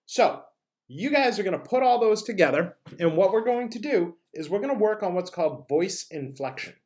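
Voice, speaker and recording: A man's voice: high voice, expressive, moderate pace, a little mellow. A man teaching drama, giving upbeat classroom instructions and leading call-and-answer chants.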